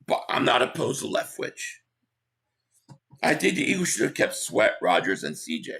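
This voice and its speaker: A hoarse man with a gravelly, creaky voice hosts a casual live stream, reading viewer comments and agreeing or pushing back bluntly. His voice sits fairly low but swings widely in pitch. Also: wildly swooping pitch, a bit bright. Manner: opinionated, quick agreement with viewers.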